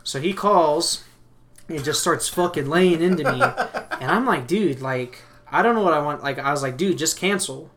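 A man's voice: on the high side, normal speed, a bit bright. A young man casually telling a story on a podcast, swearing freely and acting out both sides of old phone calls. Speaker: podcast host.

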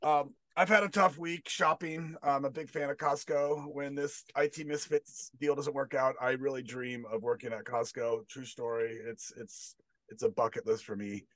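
A man performing a stand-up comedy bit, deadpan with rambling asides. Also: medium pitch, moderate pace, no room sound.

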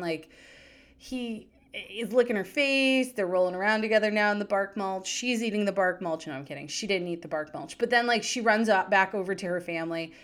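Brief: woman in her 30s, podcast host, chatty animated storyteller, mid-pitched voice. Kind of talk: casual storytelling chat.

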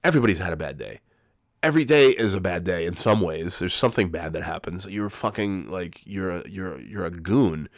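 A man's voice: low-pitched, lively intonation, brisk, no room sound, clean studio sound. A man in his forties with a cold, telling a rambling, profane story in a casual monologue. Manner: rambling, profane, self-correcting. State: has a cold.

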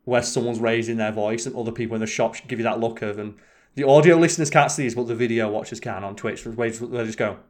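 A man's voice: mid-range voice, fast. Brief: young guy, casual podcast co-host, meandering and profane storyteller. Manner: rambling, swearing, many restarts.

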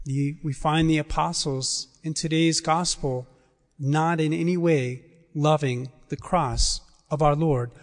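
A priest reading scripture and preaching a sermon in a measured, emphatic way with deliberate pauses. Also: male voice, fairly high pitch. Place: church. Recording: church hall reverb.

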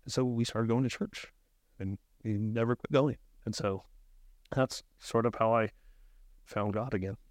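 A man's voice: mid-range voice, steady tone, unhurried, no echo. Earnest man on a dry podcast mic. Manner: earnest, reflective, with frequent restarts. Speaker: podcast guest, life coach. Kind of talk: casual podcast conversation.

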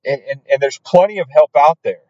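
A man's voice: fairly high pitch, a little mellow, dry recording, dull audio. A man hosting a podcast, telling his own story in an earnest way, often stumbling and restarting his sentences. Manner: earnest, halting with many restarts. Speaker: podcast host.

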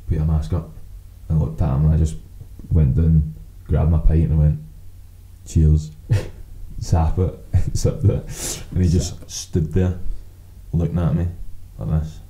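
A Scottish man with a low, very dark and mellow voice spins casual podcast anecdotes. He rambles and swears freely, acting out the back-and-forth of each exchange as he goes. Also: level tone, measured pace, low-quality recording. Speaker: podcast co-host. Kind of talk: casual storytelling chat.

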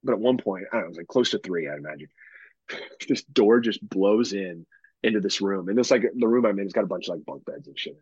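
Man in his thirties, podcast co-host, casual profane storytelling, husky, dry dull sound. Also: lowish voice, lively intonation, fast talker, a little mellow, no echo. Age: 30s. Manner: rambling profane storytelling, many fillers. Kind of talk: casual chat.

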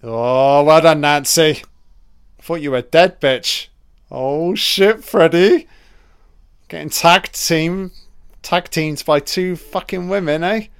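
A film commentator delivers audio commentary over a movie, mocking the characters in a crude, profane way. His voice is smooth and somewhat high, and he speaks slowly.

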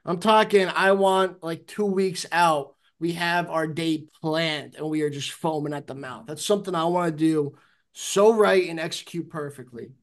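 A man hosting a casual sports podcast, excitable and cursing freely. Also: a little high, moderate pace. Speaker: podcast host. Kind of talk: casual chat.

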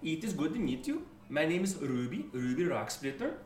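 A man voicing a big, excitable male dwarf gem merchant in a put-on northern Scottish accent mixed with a Swedish chef lilt, gushing and overly polite. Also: fairly high pitch, fairly quick, echoey room, distant mic, pitched above the performer's own voice. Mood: effusive. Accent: put-on northern Scottish blended with Swedish chef. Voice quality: singsong, bright and very excited.

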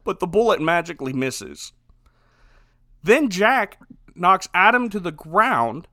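Animated sarcastic man with a high voice. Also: no room sound, studio quality. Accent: Ohio. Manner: sarcastic, animated, laughs often. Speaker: podcast host recapping a movie. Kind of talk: comedic movie recap chat.

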